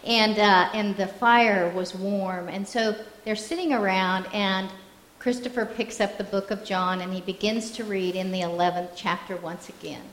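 A woman's voice: medium pitch, fairly even intonation, normal speed, fairly bright tone, roomy sound, long reverb tail, a little hiss or hum, poor audio. A woman pastor telling a story during a sermon, reflective and earnest.

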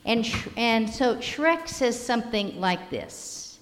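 A woman pastor giving a sermon in a measured, storytelling manner. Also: fairly high pitch, sing-song, a little hiss or hum. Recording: long reverb of a hall.

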